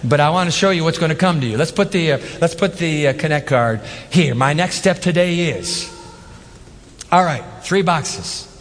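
A man preaching a sermon as pastor, animated, with rhetorical questions and emphatic repetition. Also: a little high, normal speed, long reverb tail.

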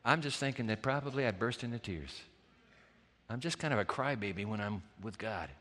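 A man preaching a storytelling sermon, swinging dramatically between loud bursts and hushed near-whispers. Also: fairly low pitch, lively intonation, fairly quick, big-room sound.

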